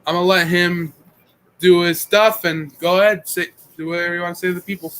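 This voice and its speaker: A man's voice: high-pitched, fairly even intonation, fairly quick, fairly bright tone, clear, resonant tone. A young man hosting a podcast in laid-back, slangy casual chat, laughing often. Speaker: podcast host.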